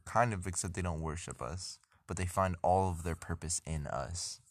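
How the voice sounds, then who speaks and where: A man's voice: low voice, normal speed, dry recording, studio quality. A young man in casual chat, rambling with many restarts and often laughing. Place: blanket fort.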